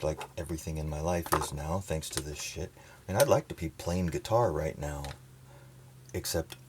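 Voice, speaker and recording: A man's voice: low-pitched, heavy background noise. A man ranting profanely and rambling indignantly on a sailboat, into a camera he has set down. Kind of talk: casual vlog rant. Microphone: handheld camera set down nearby.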